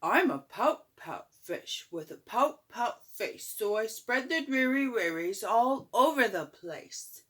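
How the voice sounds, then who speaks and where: Older woman as male storybook fish, glum, pouty, singsong rhymes, lively pitch. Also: takes it slowly. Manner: singsong rhyming delivery.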